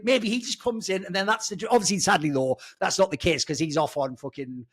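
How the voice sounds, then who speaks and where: A man's voice: high voice, brisk, hardly any pauses, breathy edge. A man, an esports pundit rambling irreverently in casual podcast chat, sometimes swearing.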